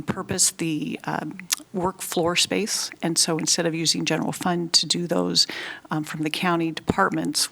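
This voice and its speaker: A woman with a low, gravelly voice presents to a public meeting. She talks haltingly, with frequent ums and uhs, and sounds a bit short of breath. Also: a bit bright. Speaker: county finance director.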